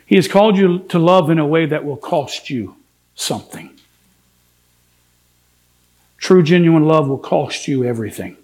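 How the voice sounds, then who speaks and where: A man's voice: a little high, measured pace, pauses often, a little mellow. A man preaching a sermon as pastor, earnest and emphatic, acting out the words of biblical figures in quotes.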